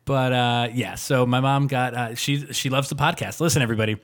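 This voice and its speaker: A man co-hosting a podcast, telling animated stories with lots of fillers and quick laughs. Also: mid-range voice. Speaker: podcast co-host. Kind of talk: casual chat.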